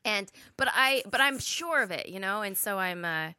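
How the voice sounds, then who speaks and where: A woman's voice: medium pitch, expressive, normal speed, bright, forceful tone, smooth, no room sound, studio quality. A woman guest telling a rambling story in casual chat, hesitant and often laughing. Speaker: podcast guest.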